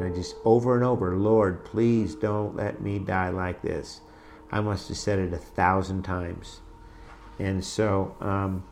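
Gravelly low-voiced man recounting his story. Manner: halting, restarts, emotional retelling. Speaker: guest telling his life story. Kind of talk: personal testimony.

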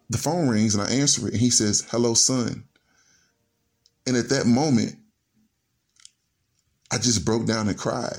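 A man's voice: mid-range voice, a little mellow. A man earnestly telling a personal family story on a radio show, linking his sentences with "and so" as he goes. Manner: earnest, heartfelt, strings clauses with "and so". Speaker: storyteller guest.

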